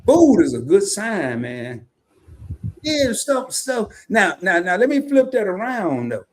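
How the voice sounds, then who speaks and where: Animated Southern man hosting a live chat. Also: sits high, slow pace. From American South. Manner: animated, folksy, jokes and reads chat comments aloud. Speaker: co-host of a live stream. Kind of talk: casual live-stream chat.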